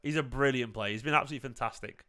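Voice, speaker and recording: A man's voice: medium pitch, rapid-fire, pushed and bright. A young man hosts a live football watchalong, chatty and prone to laughing fits. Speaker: football fan channel host. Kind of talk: live match watchalong commentary.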